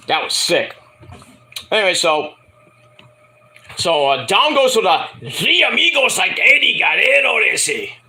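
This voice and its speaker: A high-voiced man talks through a wrestling match in a casual, chatty recap. His pitch swings all over as he goes, and he swears freely. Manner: animated, profane, chatty. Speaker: wrestling show reviewer.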